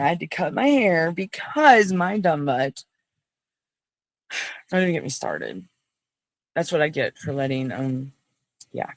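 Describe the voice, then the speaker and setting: A woman's voice: low-pitched, no room sound. A woman hosting a casual livestream talk show, chatty and rambling, talking straight to her viewers.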